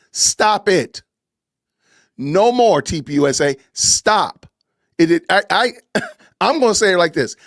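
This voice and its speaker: A man with a fairly high voice ranting on his podcast, hammering the same commands over and over in a preachy, emphatic way. The sound is dry and close, with no room around it. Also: dry recording. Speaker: podcast host. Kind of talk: impassioned commentary rant.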